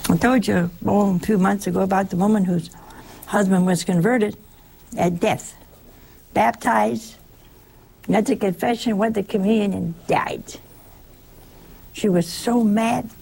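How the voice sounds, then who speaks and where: A woman's voice: mid-range voice, steady tone, a little slow, vocal fry, long pauses, warm tone, husky. A woman giving a conversational sermon in a folksy way, often turning to the listeners with rhetorical questions. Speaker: preacher.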